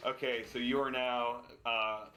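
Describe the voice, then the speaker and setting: A man's voice: mid-range voice, little pitch movement, a little slow, pushed and bright, faint music behind. A man playing in a live-streamed tabletop game, laying out his character's moves matter-of-factly.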